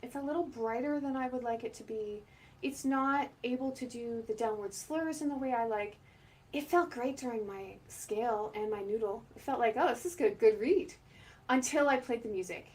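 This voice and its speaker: Chatty higher-voiced woman oboe teacher. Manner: chatty, self-correcting, laughs often. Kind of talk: instructional talk to camera.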